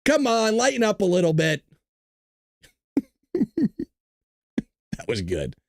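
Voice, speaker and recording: A male commentator on a live stream whose pitch bounces around animatedly as he jokes and laughs. His tone is sarcastic and teasing, and the sound is dry and close with little room around it. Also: wildly swooping pitch, slow, dry recording. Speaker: host of a political commentary livestream. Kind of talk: casual live political commentary.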